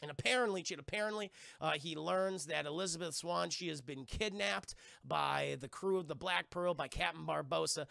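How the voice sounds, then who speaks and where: A man's voice: on the high side, normal speed, vocal fry, hardly any pauses, sharp tone, no room sound. A man giving a rambling, constantly swearing comic recap of a movie, acting out the characters as he goes.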